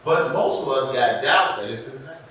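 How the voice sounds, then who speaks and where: A man preaching a sermon as pastor, telling stories and calling out "amen?" to the congregation, swinging between loud and soft. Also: medium pitch, normal speed, slight background noise. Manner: call-and-response preaching, repeating "amen?"; storytelling preacher with sudden loud and soft turns. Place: church sanctuary. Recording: echoey church hall, mic at a distance. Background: congregation responding.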